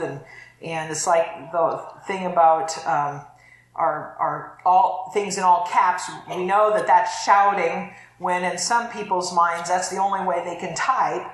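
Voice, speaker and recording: Slow-speaking woman pastor in an echoey church. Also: fairly low pitch. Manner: chatty and warm, laughs easily. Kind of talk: conversational sermon. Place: church sanctuary.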